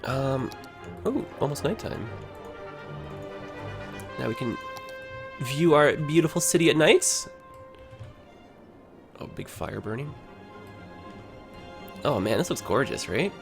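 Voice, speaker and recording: Gravelly Canadian man streaming a game. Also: mid-range voice, expressive, slow pace, pauses often, over music. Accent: Toronto Canadian. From Toronto, Canada. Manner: chatty, full of "like" and "you know". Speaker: livestreamer. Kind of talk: casual gameplay commentary.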